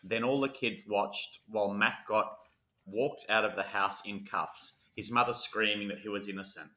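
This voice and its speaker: Bright-voiced jokey male podcast host. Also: lowish voice, fairly even intonation, moderate pace, roomy sound. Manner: jokey, reads case notes then riffs. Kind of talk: casual true crime podcast chat.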